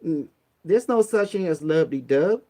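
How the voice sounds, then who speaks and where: A man from Cambodia talks casually and bluntly, handing out streetwise advice like a preacher. His voice sits fairly high for a man. He slips into little acted quotes to make his point. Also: expressive, unhurried, mellow. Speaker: online talk host. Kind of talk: casual motivational talk.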